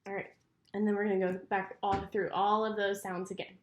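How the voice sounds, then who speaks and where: With slight background noise behind her, a woman acting as a clinician gives patient, encouraging step-by-step instructions for a speech exam. Her mid-range voice barely moves in pitch, and her pace is fairly quick.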